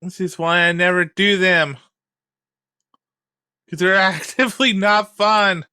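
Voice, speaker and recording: A woman's voice: lowish voice, fairly even intonation, takes it slowly, pushed and bright, clean tone, no echo, studio quality. A woman streamer commenting live on her own gameplay, swearing, groaning and cheering at the game.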